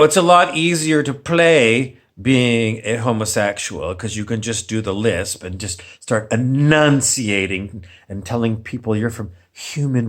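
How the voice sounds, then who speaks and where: A man's voice: mid-range voice, fairly bright tone. A man ranting on camera as a vlogger, sarcastic and meandering, often repeating himself. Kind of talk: rambling opinion rant.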